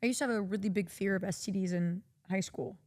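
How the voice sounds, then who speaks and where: Talking fast in a mid-range voice, this young streaming host from Texas recounts a story in casual chat. She's animated, curses without restraint and performs quotes by raising her voice.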